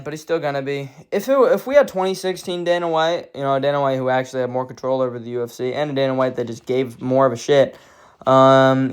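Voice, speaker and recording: A man's voice: mid-range voice, clear, resonant tone. A man giving a casual fight recap, blunt and profane, rambling through his opinions. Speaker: MMA commentator.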